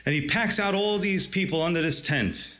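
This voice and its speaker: A man's voice: a little high, moderate pace, pushed and bright. A male pastor delivering a sermon in a conversational storytelling way, often saying "you see.".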